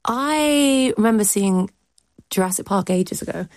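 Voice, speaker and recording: A woman's voice: medium pitch, animated, a little slow, no echo. A woman critic and cultural commentator giving chatty, frank opinions on a radio show.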